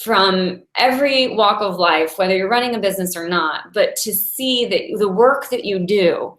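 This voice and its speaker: Woman in her forties, meditation teacher, chatty, laughs a lot, mid-pitched voice, roomy echo. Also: normal speed. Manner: chatty and warm, laughs often while telling stories. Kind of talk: casual inspirational talk.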